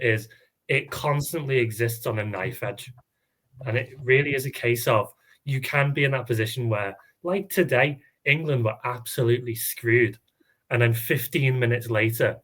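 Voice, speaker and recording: A man co-hosting a casual fan podcast, talking in an animated way and laughing often. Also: mid-range voice. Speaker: podcast co-host. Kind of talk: casual chat.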